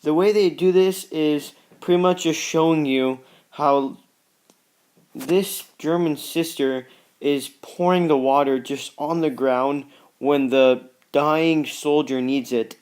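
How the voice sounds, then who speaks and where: A teenage boy with a slightly high voice works through a class presentation on posters. His delivery is halting and plain, and he leans on filler words as he reads from his notes. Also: steady tone, darkish tone, smooth. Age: teens. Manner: halting and plain, often says "pretty much" and "just". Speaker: student presenter.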